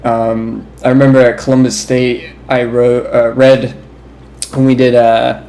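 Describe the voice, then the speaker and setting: A young podcast co-host chats casually, spinning long, rambling stories and laughing as he goes, clearly amused. His mid-range voice is mellow, with little pitch movement and a slightly slow pace, and the recording has a roomy echo.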